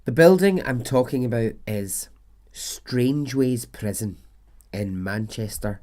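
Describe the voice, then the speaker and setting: A man's voice: medium pitch, animated, takes it slowly, darkish tone, soft background music. A man hosting a storytelling podcast, talking in a chatty way and laughing often. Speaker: podcast host.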